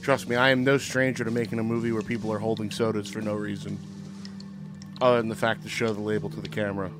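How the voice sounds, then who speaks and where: A man's voice: on the low side, little pitch movement, fast talker, music in the background. A middle-aged man riffing on a movie in a loose, profane, laughing storytelling manner. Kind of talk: casual movie riff commentary.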